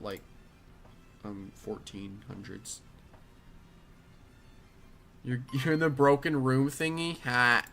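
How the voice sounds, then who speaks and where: A tired young man answering chat questions offhand while he streams a game. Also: mid-range voice. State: tired, flat. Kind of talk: casual live-stream chat. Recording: game music behind the voice.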